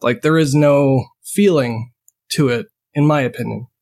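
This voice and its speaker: A man's voice: mid-range voice, unhurried, gravelly, darkish tone. A man co-hosting a casual podcast, giving earnest opinions with frequent fillers. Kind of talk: casual discussion.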